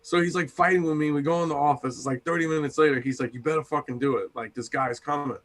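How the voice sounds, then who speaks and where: Swearing chef telling kitchen stories. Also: male voice, a little high, fairly even intonation, quick pace, a bit bright. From Tampa area, United States. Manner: storytelling, swears freely, acts out quotes. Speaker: chef and podcast co-host. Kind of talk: casual podcast chat.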